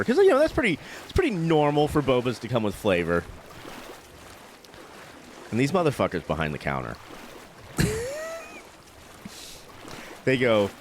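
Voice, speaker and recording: A man's voice: medium pitch, sing-song, moderate pace, long pauses, slight background noise. A young man rambling through casual stories while streaming a game, laughing often, with many fillers. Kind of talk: casual let's-play chat.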